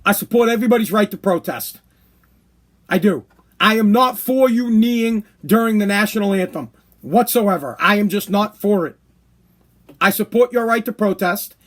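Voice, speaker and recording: Podcast host, man, high voice, heated profane rant, hammers points home by repeating them. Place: hot room downstairs.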